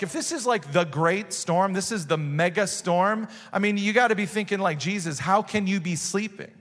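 Pastor, male, higher register, animated storyteller, echoing hall sound. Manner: animated storytelling with dramatic voiced exclamations. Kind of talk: sermon. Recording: long hall reverb.

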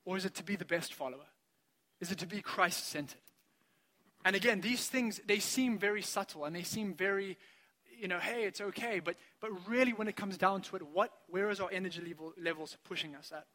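High, bright-voiced man preaching. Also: brisk. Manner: animated, self-mocking storyteller. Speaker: pastor. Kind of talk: sermon with storytelling.

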